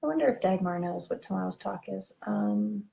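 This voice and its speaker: Woman coach, live casual chat, gravelly voice in an echoey room. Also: mid-range voice, animated, a little fast, dark tone. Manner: chatty and gushing, wanders off on tangents. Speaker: parenting coach hosting a live video talk.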